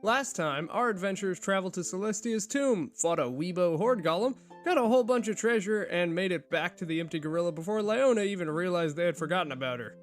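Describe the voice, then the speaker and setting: A man's voice: sits high, lively intonation, fast, few pauses, soft background music. A man narrating a tabletop game as game master, in a laid-back, joking way.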